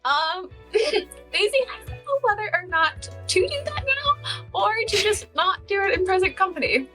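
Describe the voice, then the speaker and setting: A woman's voice: extremely high pitch, very animated, moderate pace, pushed and bright, faint music behind, pitched above the performer's own voice, heavily acted. A woman voicing a sweet, awkward young woman in a tabletop game, hesitant and rambling. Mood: giggly.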